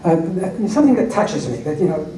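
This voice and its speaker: A man's voice: fairly high pitch, sing-song, moderate pace, warm tone, slight background noise. Wry storytelling man in an echoey hall. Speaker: convention panel guest. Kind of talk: audience Q&A at a fan convention. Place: large convention hall. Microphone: recorded from the audience. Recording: echoey hall recorded from far off.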